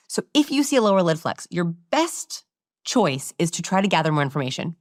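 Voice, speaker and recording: Low-voiced woman explaining with demonstrations. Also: brisk, dry recording, clean studio sound. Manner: animated, demonstrates vocal inflections. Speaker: guest expert on body language. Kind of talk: conversational podcast interview.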